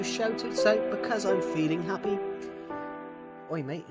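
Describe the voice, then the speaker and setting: Unhurried and high-voiced, this twenty-something man from the UK, who has a British accent, chats and rambles while gaming on a live stream. He responds to viewer comments as music plays beneath his voice.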